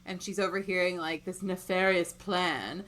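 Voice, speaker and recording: A woman's voice: fairly low pitch, steady tone, moderate pace, fairly bright tone. A woman co-hosting a book club podcast, chatting casually and laughing often as she acts out characters.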